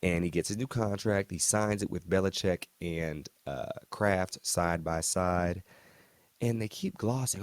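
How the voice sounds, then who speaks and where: A man's voice: sits low, unhurried, dry recording. A man hosting a TV recap channel, chatting casually through the episode with slangy, joking asides. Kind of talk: casual recap and reaction commentary.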